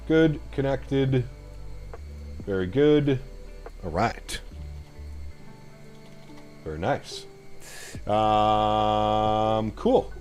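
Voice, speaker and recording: Streaming a flight simulator, a man from Canada keeps up casual commentary with his viewers and curses freely. He has a darkish voice on the low side.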